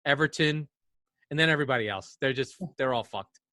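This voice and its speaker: A man's voice: medium pitch, fairly quick, sharp tone. A man from France co-hosting a podcast, chatting casually with a teasing, sarcastic sense of humor. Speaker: podcast co-host. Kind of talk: casual chat.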